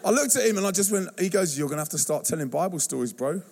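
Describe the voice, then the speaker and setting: A man preaching a youth-focused sermon in a church, telling stories and acting out voices with animated energy. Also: on the high side, rapid-fire, vocal fry. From England. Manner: animated storytelling, acts out youth slang and voices. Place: church hall.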